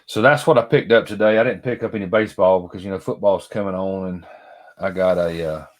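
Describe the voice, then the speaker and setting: Rambling low-voiced man. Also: fairly even intonation, fairly quick. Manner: rambling, folksy, talks to viewers by name. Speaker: vlogger. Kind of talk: casual chat while unboxing.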